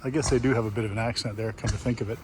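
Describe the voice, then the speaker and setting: An easygoing vlogger from Minnesota's Iron Range chuckles his way through a rambling travel narration at an engine show and afterward in a vehicle. He talks very fast at medium pitch with fairly even intonation. Vehicle noise fills the noisy outdoor recording.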